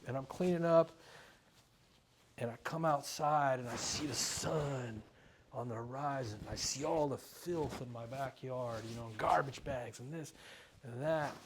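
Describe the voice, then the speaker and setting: Brief: middle-aged man, earnest recovery-talk speaker, emotional, short bursts, mid-pitched. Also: a little slow, background noise. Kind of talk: personal testimony talk.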